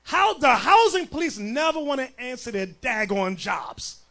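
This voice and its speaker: A man preaching as a bishop, blunt and forceful, dropping to low mutters and rising to shouts. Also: expressive, a little slow. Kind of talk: sermon.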